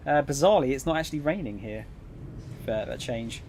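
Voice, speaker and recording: A man reading a visual novel aloud on his stream, narrating in a plain, middle-pitched voice. Now and then he breaks off for casual, jokey asides. A faint hiss sits behind him. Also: animated, brisk, darkish tone.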